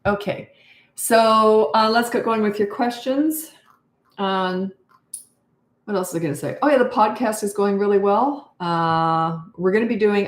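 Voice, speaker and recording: A woman's voice: lowish voice, echoey room. An older woman, a parenting coach, chatting casually on a livestream and greeting viewers by name as she reads their comments. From Canada.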